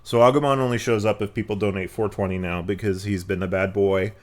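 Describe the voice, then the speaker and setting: A young man streaming a game live, cursing and yelling at it between quieter chat with viewers. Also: lowish voice, quick pace. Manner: profane, yelling at the game, lively swings. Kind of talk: live gameplay commentary.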